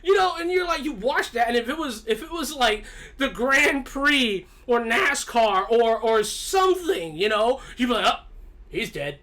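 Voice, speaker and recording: A chatty reviewer talks through a film in a casual, offhand way. The speech rambles, with frequent restarts and repeated words. The voice sits at an ordinary middle pitch. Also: animated, normal speed, sharp tone. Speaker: movie reviewer.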